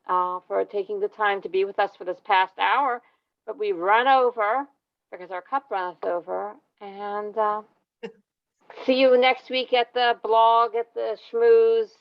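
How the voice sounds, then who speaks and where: A woman's voice: medium pitch, vocal fry, muffled recording. A woman hosting an online event, giving upbeat closing thanks over a video call. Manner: upbeat, wrapping up. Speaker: event host. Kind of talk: closing remarks.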